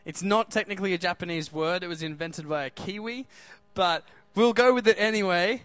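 Upbeat high-voiced preacher. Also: male voice, a little fast, fairly bright tone, dry recording. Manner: upbeat, keeps asking the crowd questions. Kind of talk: sermon.

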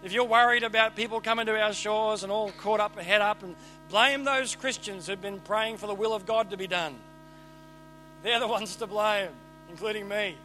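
A man preaching a sermon, animated and emphatic, swinging between loud and quiet. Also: high voice, a little fast, soft background music, poor audio.

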